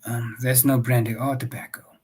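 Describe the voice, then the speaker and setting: A man's voice: medium pitch, level tone, normal speed, a little mellow, breathy edge, natural voice. A man voicing a stiff, indignant Victorian settler husband who makes pompous demands.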